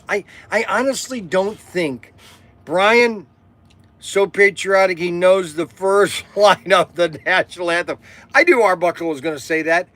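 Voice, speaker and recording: Loud, slow-talking middle-aged man. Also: high voice. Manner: loud, repetitive, peppers talk with "okay". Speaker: toy shop owner hosting a livestream. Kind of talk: casual livestream chat.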